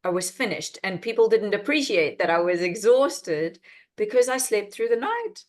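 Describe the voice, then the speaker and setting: A woman, a mother, telling a story in a lively, laughing way on a video call. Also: mid-range voice, normal speed. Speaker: parent on a coaching call. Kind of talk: casual chat.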